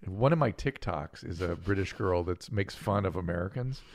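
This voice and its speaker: A man hosting a casual podcast chat, talking quickly and animatedly and laughing often. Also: low voice. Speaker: host.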